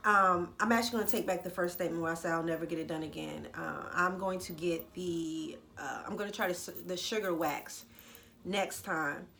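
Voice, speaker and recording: A woman's voice: fairly low pitch, steady tone, brisk, creaky, sharp tone, a little hiss or hum. A young adult woman telling a candid, slangy story as a vlogger. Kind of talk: casual storytelling vlog.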